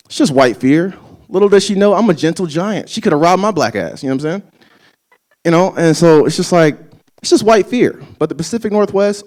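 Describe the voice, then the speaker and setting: A man's voice: on the high side, a little mellow. Man doing a profane stand-up set. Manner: loose, profane, conversational storytelling. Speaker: stand-up comedian.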